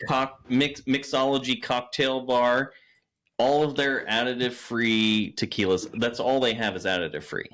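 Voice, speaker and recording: A man's voice: mid-range voice, steady tone, normal speed, a bit bright. Man asking questions, chatty recommender. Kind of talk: casual chat.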